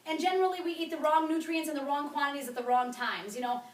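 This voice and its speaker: Blunt chatty woman coach, high voice, roomy far-off recording. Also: fairly even intonation, fast. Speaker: wellness coach presenter. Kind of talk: sales presentation to a group. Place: meeting room with an audience.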